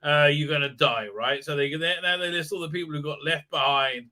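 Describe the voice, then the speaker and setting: A man's voice: fairly high pitch, steady tone, fairly quick, sharp tone. A man ranting sarcastically in a show review, swearing often and full of fillers and restarts. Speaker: commentator.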